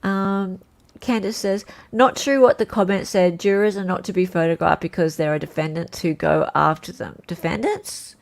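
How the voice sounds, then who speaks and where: A woman hosting a casual livestream, chatting and reading viewer comments aloud in an animated way. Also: fairly low pitch, moderate pace, vocal fry. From Australia. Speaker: host.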